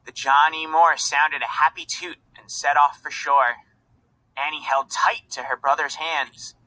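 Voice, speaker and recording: A man reading a children's storybook aloud in an expressive narrating voice. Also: fairly high pitch, measured pace, rough recording. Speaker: reader.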